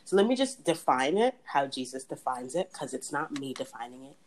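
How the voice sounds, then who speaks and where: Young woman host, low voice, chatty faith talk full of laughs and restarts. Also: big pitch swings, a little fast, low-quality recording. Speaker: podcast host. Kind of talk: casual faith chat.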